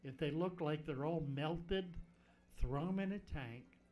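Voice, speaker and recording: Man, slow easygoing talk, rambling livestream host, home room with fish tanks, desk mic. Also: a little high, a little mellow. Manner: rambling, thinks aloud while fiddling with gear. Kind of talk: casual livestream chat answering viewers. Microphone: desk microphone.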